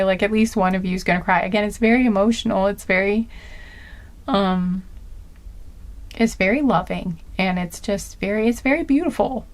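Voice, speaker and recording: A woman talks through an intuitive reading in a relaxed, meandering monologue. She is gentle and earnest, and she keeps pausing to search aloud for the right words. Her voice sits in a comfortable middle pitch. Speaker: intuitive card reader.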